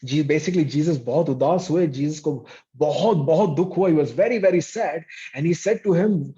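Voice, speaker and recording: Man preaching, dark muffled voice. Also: racing. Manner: switches between English and Hindi, repeats phrases for emphasis; rises to a raised, intense pitch when stressing a point. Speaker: pastor. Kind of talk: bilingual sermon in English and Hindi. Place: church service.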